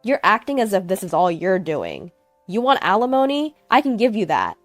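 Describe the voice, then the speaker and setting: An arrogant ex-husband turned desperate, voiced with a lively swing of pitch and a dry, close sound by a woman narrator. He begs loudly, his voice climbing high. It is a storytelling reading over faint music. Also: moderate pace, no echo. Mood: contemptuous.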